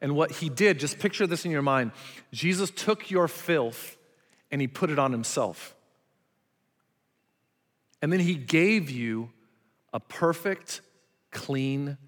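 A man's voice: fairly high pitch, a bit bright. A man preaching a sermon with emphasis, putting rhetorical questions to his congregation. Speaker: pastor. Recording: long reverb of a large hall.

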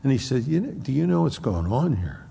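A man's voice: mid-range voice, sing-song, fairly quick, creaky, warm tone, breathy edge, long reverb tail. A man preaching an expository sermon as pastor, conversational and acting out quoted speech.

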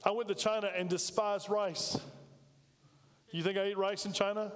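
A man's voice: sits high, fairly even intonation, moderate pace. A man preaching a sermon in a chatty way, full of asides and rhetorical questions. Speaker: pastor. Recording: reverberant hall.

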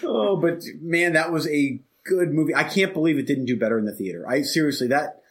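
Relaxed agreeable man chatting about a film. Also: a little high, brisk. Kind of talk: casual movie review chat.

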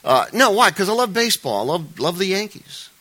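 A male pastor delivers a sermon with a bright, forceful tone. He is animated and playful, with frequent restarts and joking asides. His pitch swings widely as he preaches. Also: a little fast, breathy edge.

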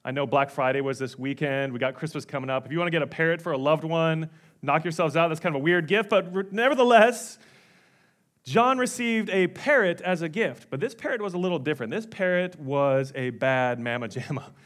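A male pastor preaching a sermon, telling stories animatedly and dropping suddenly to a hush. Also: on the high side, a little fast. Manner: animated storytelling with sudden drops to quiet.

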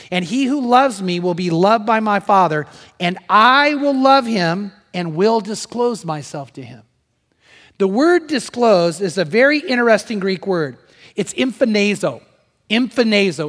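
A man preaching a sermon as pastor, animated, moving between loud emphasis and hushed storytelling. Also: sits high, big-room sound. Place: church sanctuary.

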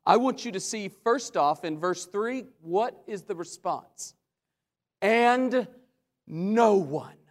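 A man preaching a sermon as a pastor, with dramatic swings between loud questions and hushed asides. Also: high voice, animated, a little slow, hardly any pauses. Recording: long hall reverb.

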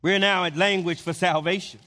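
Male preacher, high-pitched and slow, emphatic with stammered repeats, echoing hall. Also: fairly even intonation, pushed and bright. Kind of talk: sermon.

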